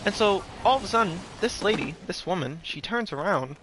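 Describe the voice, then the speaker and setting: A man with a somewhat high voice tells a long story in a loose, rambling way, swearing often and leaning on fillers. A faint hiss sits under his voice. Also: animated, a little fast. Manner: rambling, profane, filler-heavy. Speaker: streamer. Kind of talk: casual storytelling.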